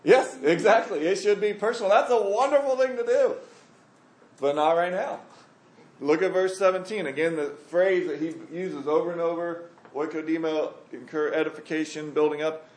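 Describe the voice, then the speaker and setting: Bible study teacher, man, slightly high voice, echoey room, talks with a group. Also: moderate pace, a little mellow. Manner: conversational, emphatic, asks the group questions.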